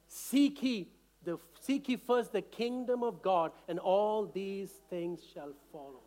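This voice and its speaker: An impassioned male pastor from India preaches to his congregation in a very high voice. He speaks earnestly, repeating and restarting phrases as he presses his point, sounding openly emotional. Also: expressive, measured pace, a little mellow. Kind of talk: sermon.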